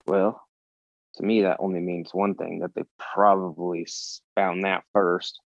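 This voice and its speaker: The guest on this podcast, a man with a low voice, tells a casual story with lots of animation and free swearing, performing his reactions as he goes. It's a dry recording with dull sound.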